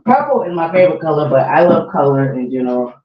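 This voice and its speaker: Talking directly to the people watching her livestream, a chatty woman host sounds slightly winded. She has a low-pitched voice, talks fast, and is very animated. The recording is dull and lo-fi.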